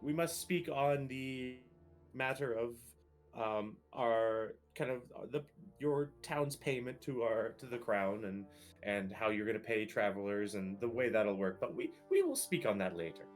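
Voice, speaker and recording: A man's voice: medium pitch, expressive, measured pace, faint music behind, natural voice. A man voicing a fussy male official of the Crown who talks formally but stammers. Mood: pompous. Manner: hesitant, stammering formal speech.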